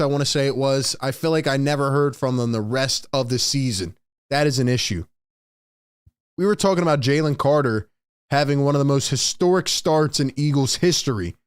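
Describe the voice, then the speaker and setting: A man's voice: medium pitch, a little fast, smooth, no room sound. A man hosts a live-stream sports talk, venting exasperation at his chat. His voice sits in a mid range and sounds close and dry, with no room around it. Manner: exasperated, ranting.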